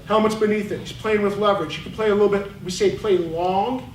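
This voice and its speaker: A fast-talking man whose voice sits high, this football coach works through game film at a clinic. He stays blunt, animated, and fired up, speaking with fire the whole way. Faint noise runs under a roomy recording taken from a distant mic.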